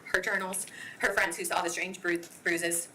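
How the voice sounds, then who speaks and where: A woman giving a victim impact statement in court, reading her prepared statement in an earnest, measured way. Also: lowish voice, flat delivery, pushed and bright, slight background noise, rough recording.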